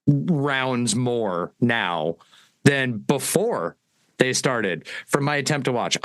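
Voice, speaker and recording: A man co-hosting a sports podcast in casual chat, opinionated and ranting with halting restarts. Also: medium pitch, a bit bright, no room sound. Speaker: podcast co-host.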